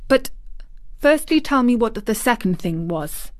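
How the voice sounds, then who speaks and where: A woman voicing an imperious, spoiled, sickly young boy who gives orders grandly, at a slow pace. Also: on the high side, sing-song, no echo. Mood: curious. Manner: commanding, grand.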